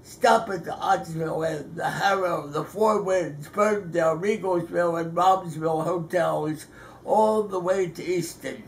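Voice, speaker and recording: An older man, a poet, reading his own poem slowly and deliberately on a theater stage. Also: sits high, slight background noise. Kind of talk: poetry reading.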